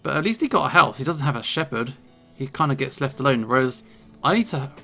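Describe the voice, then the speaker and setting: Gravelly-voiced playful gaming host. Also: male voice, medium pitch, lively intonation, fast, pushed and bright, soft background music. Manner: playful, jokey. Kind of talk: let's play commentary and reading dialogue.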